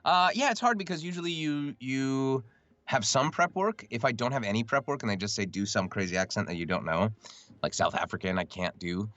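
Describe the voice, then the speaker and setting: A man guest on a call, talking in a relaxed, rambling, self-deprecating way from home. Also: medium pitch, a little fast, dry recording, lo-fi sound. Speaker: guest voice actor. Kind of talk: casual chat on a call. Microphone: computer mic over a video call.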